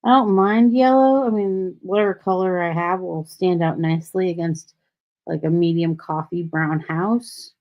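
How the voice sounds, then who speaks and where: A woman's voice: on the low side, fairly even intonation, moderate pace. A woman hosting a casual solo livestream from home, rambling freely with sarcastic asides. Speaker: livestream host. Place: home in Texas. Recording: dull lo-fi stream audio.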